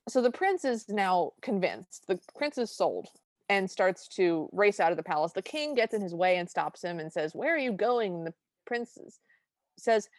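A woman with a middle-pitched voice recaps a film on a podcast, wry and sarcastic, quoting her own notes. Her voice is recorded close and dry, with no room sound. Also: animated, moderate pace, dry recording. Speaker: podcast co-host. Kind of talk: casual chat recapping a film.

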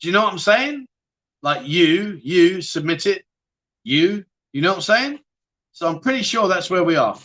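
Bright, jokey man hosting a livestream. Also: high-pitched, very animated, moderate pace. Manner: jokey, laughing, banter with viewers. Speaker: livestream host. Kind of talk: casual livestream chat reading viewer comments.

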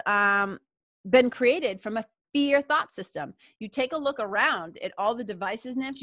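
A woman's voice: medium pitch, a bit bright, no room sound. Middle-aged new lady, podcast host, chatty and upbeat, dry close sound. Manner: chatty and upbeat, peppered with "like" and laughs. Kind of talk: casual spiritual talk.

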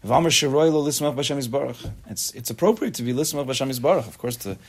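Husky fast-talking rabbi teaching a class. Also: male voice, mid-range voice. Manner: quick, animated, chatty with students. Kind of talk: informal Torah class.

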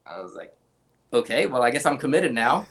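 Man telling animated collector anecdotes. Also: mid-range voice, a little fast. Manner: animated anecdotes, acts out quoted voices. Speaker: guest, comic art collector. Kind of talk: casual storytelling in an interview.

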